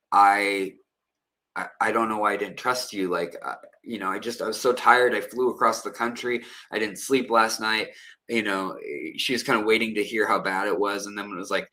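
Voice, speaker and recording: A man's voice: on the low side, fairly bright tone. A man who hosts an aquarium channel tells a personal story to his viewers in a loose, rambling way, full of fillers and restarts.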